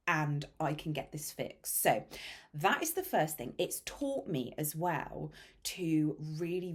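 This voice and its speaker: A woman hosting a mindset podcast, telling a story in a casual monologue with dramatic hushed asides. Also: deep voice, breathy edge. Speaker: podcast host and mindset coach.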